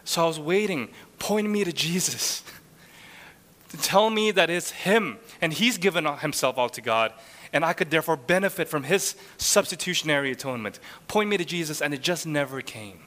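A man delivers a sermon with an earnest, rhetorical push, often tagging his points with a quick question. His voice sits a little high and rings bright and forceful. A long hall reverb trails behind every phrase. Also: animated. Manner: earnest, rhetorical, frequent "right?" tags. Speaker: preacher.

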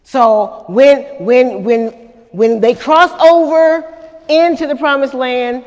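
A woman's voice: sits high, slow pace, a little mellow, in a large hall. A woman pastor preaching a sermon at a church service, with dramatic call-and-response to the congregation.

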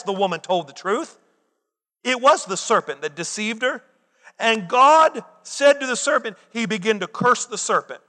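A man's voice: very high-pitched, sharp tone. A man preaching a sermon with emphatic delivery, posing rhetorical questions to his listeners. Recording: long reverb of a large hall.

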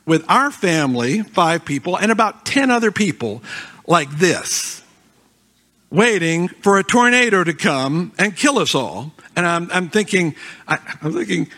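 High-voiced middle-aged man preaching. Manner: self-deprecating, animated anecdote telling. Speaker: guest pastor. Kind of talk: humorous storytelling sermon.

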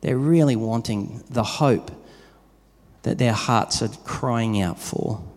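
Speaking slowly in a medium-pitched, somewhat dark voice, this male pastor delivers a conversational sermon full of everyday stories for his congregation. A large hall's long reverb surrounds the recording.

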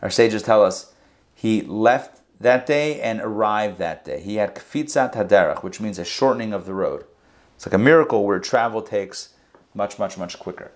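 A man, a rabbi, teaching a Torah class and retelling the verses in a lively storytelling way. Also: lowish voice, moderate pace. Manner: animated storytelling, acts out the verses.

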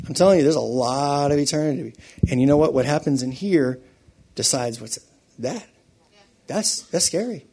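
A man preaching a sermon with animated delivery, swinging between loud emphasis and quiet asides and laughing often. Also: on the high side.

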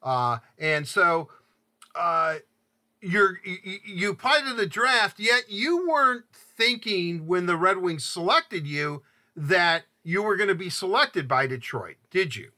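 An older man from Southeast Michigan hosting an interview, talking in halting, rambling sentences full of restarts. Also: high-pitched, sing-song, pushed and bright. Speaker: podcast host. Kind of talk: conversational interview.

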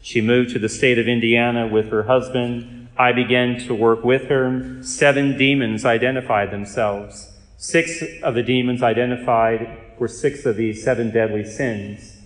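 A man, a Catholic priest and exorcist, giving an earnest, measured storytelling talk with touches of dry humor. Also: medium pitch. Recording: echoey hall reverb.

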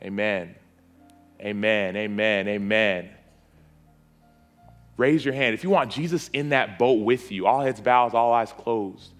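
A man's voice: fairly low pitch, measured pace, pauses often, faint music behind. A man preaching an altar call in a church auditorium, with a repetitive, pleading cadence.

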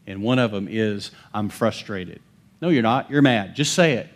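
A man's voice: on the low side, lively intonation, brisk. Emphatic male pastor preaching. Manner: emphatic, swings between bold calls and hushed asides; calls out to the congregation for amens. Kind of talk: sermon.

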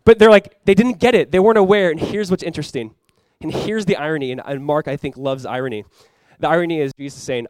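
A young adult man preaching a sermon as pastor, animated and acting out playful voices for the disciples. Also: a little high, fast talker, few pauses, no room sound.

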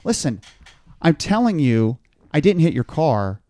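A man's voice: on the high side, very animated, a little slow, warm tone, no room sound, studio quality. A man podcast host telling a long story in casual chat, rambling and stammering as he repeats words.

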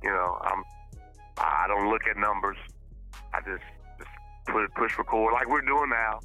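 A middle-aged man tells stories as a podcast guest, bursting into phrases and restarting them as he goes. His tone is sharp and forceful. Soft music plays underneath. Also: lowish voice, measured pace, poor audio. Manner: animated, talks in bursts with repeated starts. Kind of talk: casual podcast chat.

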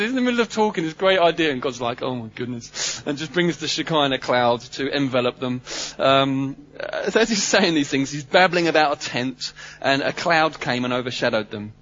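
Male preacher, high voice, animated and funny, muffled recording. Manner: animated, humorous, swings between loud and hushed. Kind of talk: sermon.

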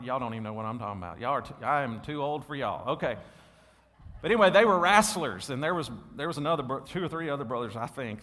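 Bright-voiced pastor preaching in a hall. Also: male voice, mid-range voice. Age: 40s. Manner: animated, calls out to congregation, swings loud and soft. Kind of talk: sermon. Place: church sanctuary. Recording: long hall reverb.

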